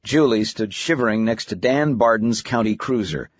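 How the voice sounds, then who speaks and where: This is scripted audiobook narration by a man whose husky voice sits in the middle range. His delivery is steady and measured, and the dull, muffled recording from a dry booth carries no room sound.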